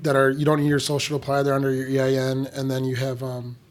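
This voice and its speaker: A man co-hosting a casual podcast interview who talks quickly. His pitch stays level and even. He jumps in with short, pointed follow-up questions. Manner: asks quick clarifying questions. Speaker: podcast co-host.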